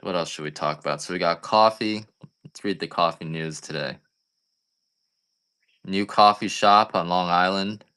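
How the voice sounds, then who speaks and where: A man's voice: sits low, normal speed, long pauses, bright, forceful tone, clear, resonant tone. A man, a coffee farmer selling on a live stream, chatting casually and going off on rambling, joking rants.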